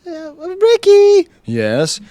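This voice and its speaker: A man putting on a shrill, exasperated voice that heckles a rapper with squealing questions. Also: huge pitch swings, extremely slow, warm tone, no echo, heavily acted.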